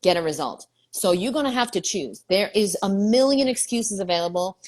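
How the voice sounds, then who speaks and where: A woman's voice: mid-range voice, expressive, moderate pace. A woman from New York, a guest in a casual video chat, talking bluntly and brashly and swearing freely.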